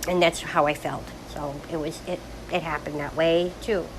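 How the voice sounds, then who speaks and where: A woman's voice: low voice, fairly even intonation, moderate pace, noisy background. An older woman talking frankly in a rambling, casual monologue about her life, full of restarts. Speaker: grandmother sharing life stories.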